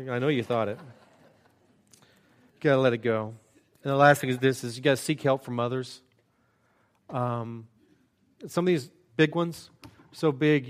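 A man preaching a sermon as a pastor, earnest and conversational, with self-deprecating asides. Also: medium pitch.

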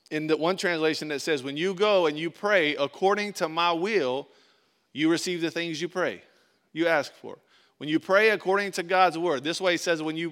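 A pastor delivers a conversational sermon, his voice pitched slightly high for a man. He leans into emphatic, louder phrases, then drops into quiet, intimate asides. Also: clear, resonant tone. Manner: conversational preaching, rising to emphatic bursts then dropping soft.

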